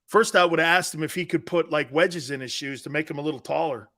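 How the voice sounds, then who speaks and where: Brash high-voiced sports talk host. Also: male voice, fast talker. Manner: brash, sarcastic, swears, jumps to shouted outbursts. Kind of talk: opinionated sports radio talk.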